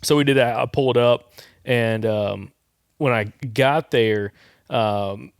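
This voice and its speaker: A man with a drawl hosts a podcast and rambles through a story in a relaxed, easygoing way. His voice sits at an ordinary middle pitch. It is recorded close and dry, with no room sound. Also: slow pace, vocal fry, clean tone, no echo. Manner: rambling, relaxed anecdote-telling. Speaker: podcast host.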